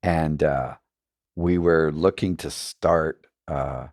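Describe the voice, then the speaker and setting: A man's voice: extremely low pitch, steady tone, slow pace, gravelly, a little mellow, dry recording, studio quality. A man talking as a podcast guest, telling his story in a reflective way with many "you know" fillers.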